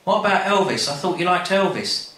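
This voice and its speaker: A man doing a gently teasing dad. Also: high-pitched, animated, brisk, pitched above the performer's own voice. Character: easygoing dad, gently teasing his son. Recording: echoey live room, faint background noise.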